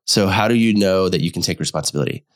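Deep-voiced man explaining therapy ideas. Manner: thoughtful, halting, restarts phrases while explaining. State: slightly unwell. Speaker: couples therapist, podcast co-host. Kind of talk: casual podcast discussion.

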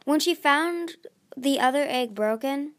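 A fiery young female sea dragon, read aloud by a woman, her voice lifted high above the narration and pushed forward with insistence. She is defensive and loyal, protesting hard. It is a storybook reading. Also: measured pace. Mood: upset.

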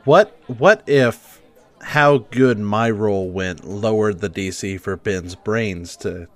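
A man playing a tabletop role-playing game, speaking in a halting, formal way in character. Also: fairly low pitch. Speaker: player.

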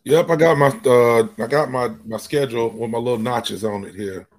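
A man's voice: mid-range voice, moderate pace. Self-deprecating man in podcast chat. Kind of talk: casual sports podcast chat.

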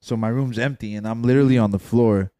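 A man's voice: mid-range voice, fairly even intonation, quick pace, dark tone, no echo. A young man co-hosting a podcast, telling a rambling story among friends, full of slang and swearing. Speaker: podcast co-host.

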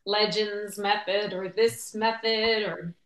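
Female guest, actor, encouraging, bright voice, echoey room. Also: medium pitch, fairly even intonation, takes it slowly. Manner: encouraging, affirming. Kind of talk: casual interview chat.

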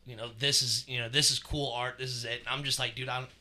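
Speaking fast in a pushed, bright voice, this man keeps a medium pitch with little rise or fall. He co-hosts a podcast and spins a story in casual chat, full of profanity, rambling, and fillers.

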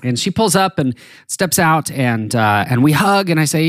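A man in his thirties, a podcast host telling a story in a chatty, animated way. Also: on the high side, normal speed, no echo. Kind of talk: casual storytelling.

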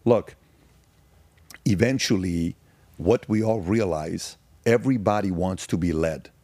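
A man speaking as a podcast guest, telling stories in an emphatic, animated conversational way and often acting out dialogue. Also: sits low, unhurried, breathy edge, no room sound. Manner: emphatic, acts out quoted dialogue in varied voices.

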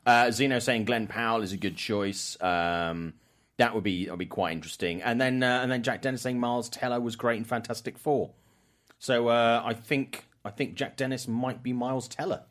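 A man's voice: medium pitch, moderate pace, fairly bright tone. A man hosting a casual podcast chat, reading out viewer comments and rambling with self-corrections and jokes.

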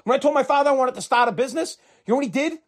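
Fired-up man with a husky voice. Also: extremely high pitch, very fast. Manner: fired-up and profane, repeats himself. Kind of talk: heated political rant.

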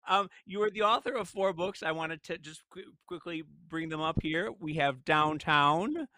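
Lively guy hosting a chat show, kinda high voice, laughs a lot, dry close mic. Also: moderate pace, no echo. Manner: animated, laughs often. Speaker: host. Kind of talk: casual interview chat.

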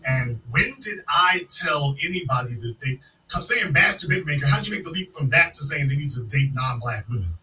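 A man's voice: a little high, animated, fairly quick, bright, forceful tone. A man hosting a call-in show, mocking and insulting a caller and talking over her. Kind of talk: combative call-in talk. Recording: voice distant from the mic.

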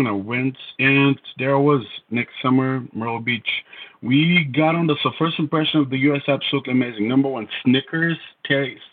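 Bulgarian-accented man in his thirties, wry podcast guest, husky voice over a thin phone-like connection. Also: mid-range voice, a little fast. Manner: wry, self-deprecating storyteller. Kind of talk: casual storytelling interview.

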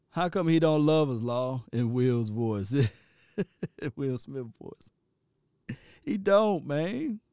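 Man, live stream host, casual chat, animated, repeats words, smooth voice. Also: a little high, dry recording, studio quality.

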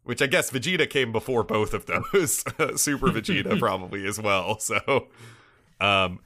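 A man's voice: fairly low pitch, expressive, moderate pace, bright, forceful tone. A man co-hosting a podcast, chatting casually about an anime episode, laughing often and swearing freely as he rambles. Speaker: podcast co-host.

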